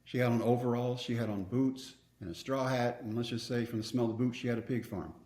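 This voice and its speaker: A man's voice: medium pitch, steady tone, fast talker, darkish tone, reverberant. Earnest man telling stories. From Texas. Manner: earnest, reflective storyteller. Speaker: guest speaker. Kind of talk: storytelling interview.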